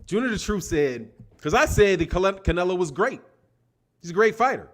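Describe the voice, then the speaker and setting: A man's voice: high-pitched, big pitch swings, normal speed. A man hosting a boxing live stream, rambling and profane in casual chat. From Chicago. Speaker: boxing show host.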